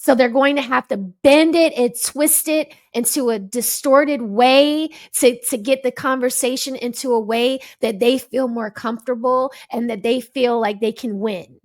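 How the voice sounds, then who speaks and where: A woman with a somewhat high voice delivers a heated commentary. She sounds exasperated and lectures with emphasis. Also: measured pace, few pauses, darkish tone. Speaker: commentator reacting to a panel clip. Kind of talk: ranting commentary.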